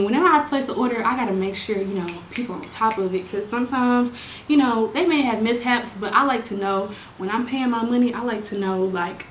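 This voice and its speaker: Exasperated young woman telling a storytime. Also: fairly high pitch. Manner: animated, exasperated, slangy, addresses viewers as y'all. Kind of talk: casual storytime monologue. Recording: roomy with steady background noise.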